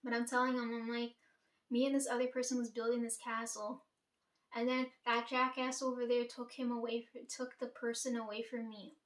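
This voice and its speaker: A woman's voice: a little high, little pitch movement, normal speed. A young woman casually retelling a dream, rambling and swearing, with many "like" and "right?" asides. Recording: echoey room, voice far from mic.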